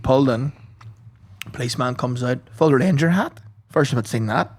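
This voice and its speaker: A man's voice: medium pitch, expressive, moderate pace. A man, a podcast host telling a rambling anecdote in casual chat, full of swearing and impressions.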